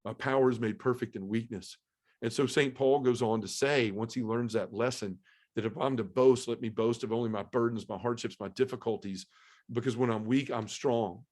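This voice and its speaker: A man's voice: mid-range voice, fairly even intonation, moderate pace, darkish tone. A middle-aged man giving an earnest, heartfelt personal testimony as a podcast guest, restarting his sentences as he goes.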